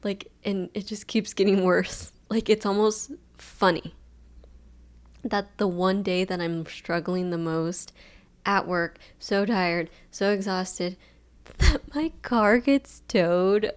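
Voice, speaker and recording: A young woman hosting a solo podcast, telling a story in a chill, fairly monotone way, with lots of filler words. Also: lowish voice, slow pace, smooth. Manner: chill, laid-back, monotone delivery; rambling with many fillers like "like". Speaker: podcast host.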